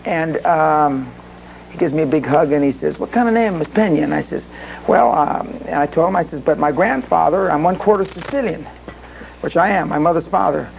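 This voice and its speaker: Guy on stage at a seminar, pretty high voice, rambles thru stories and does the other people's voices, faint room hum. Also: moderate pace, gravelly, highs cut off. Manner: rambling anecdotes, acts out quoted voices. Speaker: seminar speaker. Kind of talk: live seminar storytelling.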